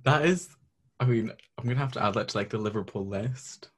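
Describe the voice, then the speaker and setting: A young man with a husky, fairly low voice and a muddled accent that blends Scottish, American and English. He chats casually as a guest and fills his talk with "like.". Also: brisk. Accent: mixed Scottish, American and English. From Scotland. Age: young adult. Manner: chatty, says "like" often. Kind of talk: casual chat.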